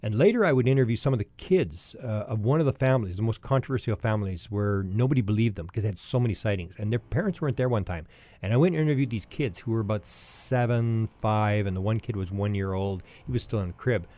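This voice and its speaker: Older canadian guy telling his story fast on a podcast, warm low-key tone. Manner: animated anecdotal storytelling with restarts. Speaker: guest.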